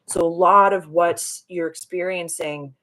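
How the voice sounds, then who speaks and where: A woman's voice: lowish voice, fairly even intonation, a little slow, fairly bright tone. A woman hosting a casual live stream as a spiritual healer, gushing and affirming as she answers viewer comments. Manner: soothing, affirming.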